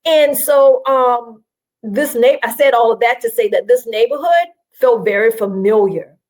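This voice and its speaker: Chatty, animated higher-voiced woman. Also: unhurried, low-quality recording. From South Carolina, US. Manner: animated, chatty, frequent fillers. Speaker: guest. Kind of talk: conversational interview storytelling.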